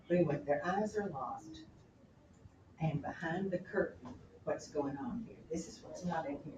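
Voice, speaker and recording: A woman teaching a class, talking in an animated, chatty way and often correcting herself, recorded from a distance in a classroom. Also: low voice, unhurried, pauses often, reverberant, lo-fi sound, background noise. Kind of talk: classroom lecture on a play.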